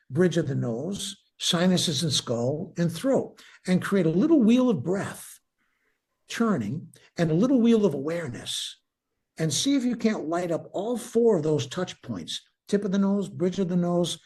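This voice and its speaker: An older man, a breathwork teacher, calmly leads a guided breathing meditation, repeating his cues as he goes. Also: on the high side, breathy edge. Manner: calm, instructive, repeats cues.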